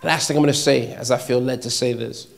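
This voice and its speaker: A man preaching a sermon, repeating short phrases and swinging between loud exhortation and hushed, near-whispered passages. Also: mid-range voice, fairly even intonation, brisk, gravelly, soft background music.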